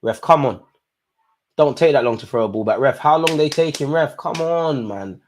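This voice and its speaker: A man hosting a live football watchalong, reacting loudly to the screen with heavy slang and swearing. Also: mid-range voice, lively intonation, moderate pace, a little hiss or hum. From England. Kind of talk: live match watchalong commentary.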